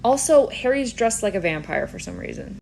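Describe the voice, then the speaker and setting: A woman's voice: fairly high pitch, very animated, brisk, creaky, darkish tone, a little hiss or hum. Wry young woman joking through reactions. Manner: wry, playful, sarcastic asides. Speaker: YouTuber. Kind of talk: comedic reaction commentary.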